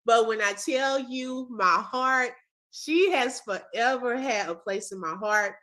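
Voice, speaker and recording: A woman's voice: a little high, takes it slowly, sharp tone. A woman hosting a casual video-call chat, praising a former student with emotion and often saying "when I tell you". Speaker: host, former teacher.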